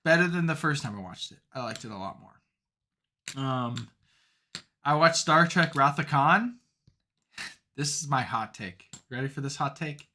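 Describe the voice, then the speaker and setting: A young man co-hosting a podcast, chatting casually and telling stories with lots of "like" and "um", animated as he gets into them. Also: mid-range voice. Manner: rambling, filler-heavy, animated storytelling. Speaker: podcast co-host. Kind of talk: casual chat.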